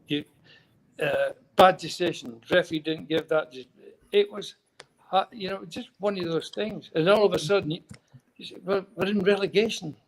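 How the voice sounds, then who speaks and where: An older former footballer with a Scottish accent tells wandering stories as a guest in a casual way, now and then chuckling. He speaks at normal speed in a high-pitched voice, and the audio is poor.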